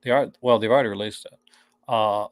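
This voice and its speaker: A man's voice: lowish voice, fairly even intonation, a little fast, no room sound, studio quality. A man from Newfoundland, co-hosting a live stream in a joking, casual chat full of fillers. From Newfoundland, Canada. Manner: joking, chatty, many fillers.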